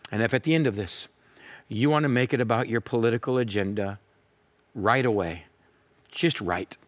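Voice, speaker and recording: A male pastor preaching a sermon, moving between forceful declarations and quieter reflective passages, with repetition and rhetorical questions. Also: medium pitch, normal speed.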